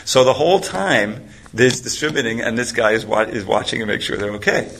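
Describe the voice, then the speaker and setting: A man's voice: medium pitch, expressive, brisk, fairly bright tone. A man giving a talk, telling a story in a loose, rambling way. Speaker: speaker.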